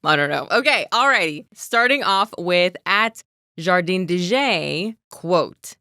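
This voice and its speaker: Giggly woman co-host, very expressive. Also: fairly low pitch, slow pace, no room sound, studio quality. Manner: giggly, playful. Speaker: podcast co-host. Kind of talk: casual podcast chat, reading listener quotes.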